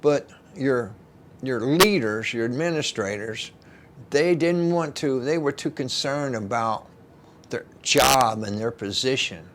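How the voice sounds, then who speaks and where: A man's voice: mid-range voice, slow, fairly bright tone, slight background noise. A man leading an informal kitchen Bible study, retelling scripture in plain, folksy words with asides to his listeners.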